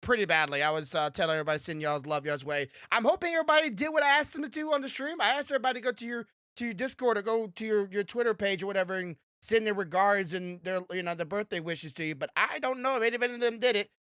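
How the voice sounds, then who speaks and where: A young man chatting loosely as a podcast host, his voice bright and forward. He rambles, circling back with many "um"s and restarts. The sound is dry and close. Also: high-pitched, lively intonation, quick pace, few pauses, no echo. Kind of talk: casual podcast chat.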